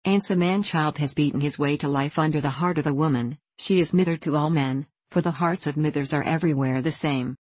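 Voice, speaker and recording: A woman's voice: sits low, darkish tone, dry recording. Woman doing a motherly Scots farm wife. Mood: tender. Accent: Scottish. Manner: broad dialect, slow and heartfelt. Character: older Scottish farm wife, warm and motherly.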